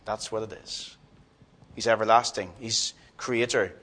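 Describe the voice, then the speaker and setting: A man preaching a sermon in a church, swinging from loud emphatic lines to soft, low ones. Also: fairly even intonation, measured pace, slight background noise.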